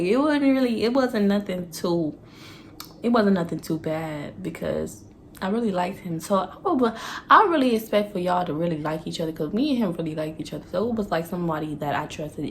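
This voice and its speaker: A woman's voice: fairly low pitch, a little hiss or hum. A young woman telling a candid, profane storytime on her vlog, laughing often and acting out what she said back then. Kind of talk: casual storytime.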